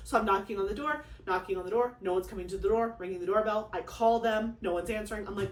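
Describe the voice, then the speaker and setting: A young woman hosting a casual vlog, telling a story in an excitable, rambling way with lots of fillers and acted-out quotes. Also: mid-range voice, fast talker, hardly any pauses. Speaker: craft channel host. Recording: echoey room.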